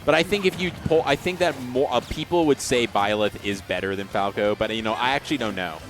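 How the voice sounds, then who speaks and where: A man commentating a fighting game tournament in casual chat with a co-caster, animated and quick to jump up in pitch when excited. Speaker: esports commentator.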